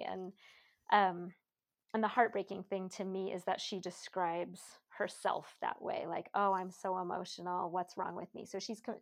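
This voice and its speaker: Woman, gravelly voice, mid pitch, reflective, analytical, casual book discussion. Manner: reflective and analytical, thinking aloud. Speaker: podcast co-host discussing literature.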